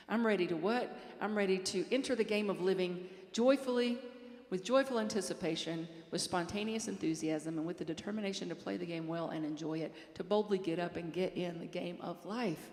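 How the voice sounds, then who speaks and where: A woman's voice: fairly low pitch, moderate pace. A woman minister giving a chatty Sunday talk to her congregation, storytelling with light laughs. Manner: warm conversational storytelling with laughs. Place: large hall with congregation. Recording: echoey hall reverb.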